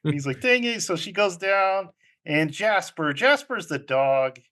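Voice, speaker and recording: Man, podcast co-host, casual film recap, slightly higher voice, acts out lines, laughs a lot. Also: lively intonation, fairly bright tone. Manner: quick quoting of characters in put-on voices, laughs often.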